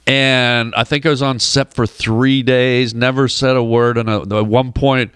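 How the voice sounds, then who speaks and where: A middle-aged man, a guest actor, telling animated stories in a casual radio studio chat. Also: mid-range voice, measured pace, smooth, no echo. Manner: animated anecdotes, acts out quoted people. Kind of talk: casual storytelling.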